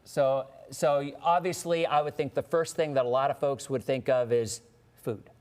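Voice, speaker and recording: A man's voice: medium pitch, fairly even intonation, normal speed, a little mellow. A man hosting a live studio show, chatty and loose, joking with his guest. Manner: chatty, jokey, loose and conversational. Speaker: weather show host.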